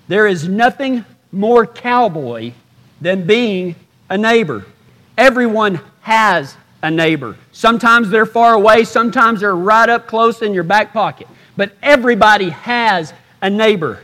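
Cowboy preacher guy telling a story onstage, folksy drawl, pretty high voice, big echoey hall. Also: lively intonation, moderate pace. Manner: folksy drawl, drops to a hush at sad moments. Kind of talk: storytelling sermon. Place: stage before a live audience. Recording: reverberant hall.

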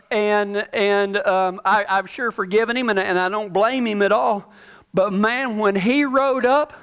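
A man's voice: sits high, a bit bright. A man, telling a ranch story in a folksy, plainspoken way. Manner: folksy, plainspoken, with repetitions and rural phrasing. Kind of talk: casual spoken storytelling.

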